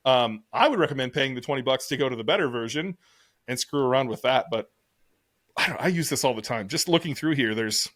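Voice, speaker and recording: A man's voice: mid-range voice, animated, fairly bright tone, no room sound, clean studio sound. A middle-aged man co-hosting a podcast, telling rambling stories in casual chat with frequent swearing. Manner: fast, rambling, profane storytelling. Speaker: podcast co-host.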